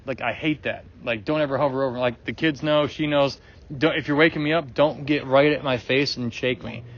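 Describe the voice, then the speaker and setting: A man speaking as a guest relates a personal story in a loose, rambling way, heavy on fillers, restarts, and profanity. He has a medium pitch, steady tone, and slightly fast delivery, and the recording is dull and lo-fi.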